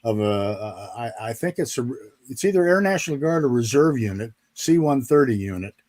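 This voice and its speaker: A man's voice: mid-range voice, animated, fairly quick, a little mellow. An older man, a retired fighter pilot, telling folksy stories as a guest on a video call and chuckling through his restarts. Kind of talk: storytelling in a live interview.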